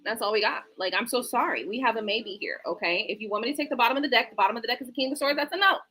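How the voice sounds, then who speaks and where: A woman doing a casual live-stream tarot reading, chatty and animated with laughing asides. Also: on the high side, very fast, a crowd in the background. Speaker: tarot reader. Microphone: streaming setup mic.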